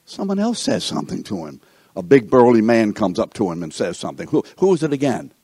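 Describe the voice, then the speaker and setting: A man leads a Bible lesson, firing questions at his listeners. His husky voice swings widely in pitch. The sound is close and dry. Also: a little fast, no echo. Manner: animated, asks the class questions. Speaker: Bible teacher.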